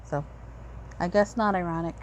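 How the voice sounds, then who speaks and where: A woman's voice: fairly low pitch, moderate pace, a little hiss or hum. A woman playing through a game story, reading it aloud with casual, self-deprecating asides. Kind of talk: casual commentary while reading game text.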